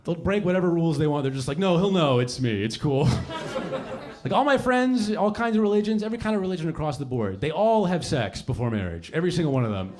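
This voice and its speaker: A man's voice: a little high, sing-song, quick pace, a little mellow. Young man doing profane stand-up. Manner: profane, rambling, self-mocking. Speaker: stand-up comedian. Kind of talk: stand-up comedy set. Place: comedy club stage. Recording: live audience laughter.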